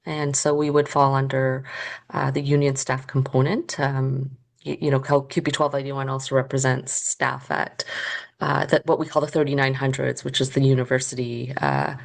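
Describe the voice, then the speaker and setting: A woman with a very low, gravelly voice explains her union's situation as a podcast guest. She talks thoughtfully and stops now and then to find her words. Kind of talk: podcast interview.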